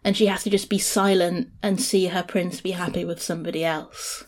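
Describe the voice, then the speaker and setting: A woman's voice: on the low side, a little fast. A woman hosting a casual chat, animatedly retelling a picture book. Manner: animated storyteller, chatty.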